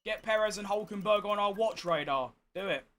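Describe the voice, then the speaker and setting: Streamer, man, high-pitched, croaky and worn out, chatty, swearing, exasperated. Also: a little fast, a bit bright, faint music behind. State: hoarse, tired. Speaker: gaming streamer. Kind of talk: casual gameplay commentary.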